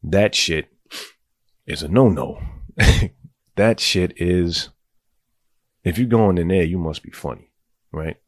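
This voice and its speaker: Deep-voiced New guy, profane storyteller who wanders off on tangents, dry close sound. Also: slow pace, pauses often, no room sound. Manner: rambling, streetwise, goes on tangents.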